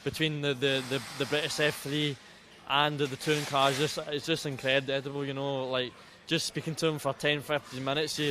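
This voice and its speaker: Flat-voiced young Scottish driver. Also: male voice, medium pitch. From Scotland. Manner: flat, repeats words, many restarts. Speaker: racing driver. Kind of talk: post-race interview. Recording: outdoor interview with clear background noise.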